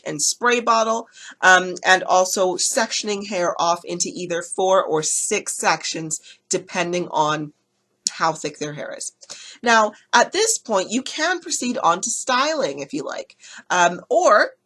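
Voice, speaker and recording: A woman hosting a casual hair care tutorial, chatty and reassuring, with lots of fillers and quick self-corrections. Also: on the low side, expressive. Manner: gentle, reassuring instruction.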